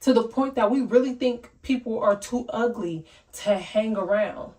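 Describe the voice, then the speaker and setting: A woman's voice: a little high, moderate pace, mellow. Blunt young woman vlogging from a distance. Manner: blunt, candid, heartfelt ranting. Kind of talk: casual talk to camera. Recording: voice a bit distant from the mic.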